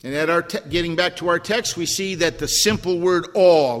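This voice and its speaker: A man's voice: fairly high pitch, moderate pace, few pauses. An older man preaching a sermon, emphatic, repeating key words and asking the congregation questions. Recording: long hall reverb.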